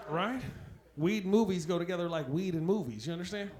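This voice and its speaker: A man with a high voice performs stand-up on a club stage, talking fairly quickly with loose, laughing, punchy banter aimed at the crowd. The live club recording is noisy.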